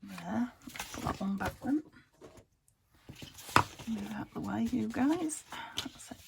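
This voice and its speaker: A woman's voice: mid-range voice, lively intonation, slow pace, vocal fry, background noise. A British woman hosting a crafting channel, chatting casually and thinking aloud as she works at her home craft table.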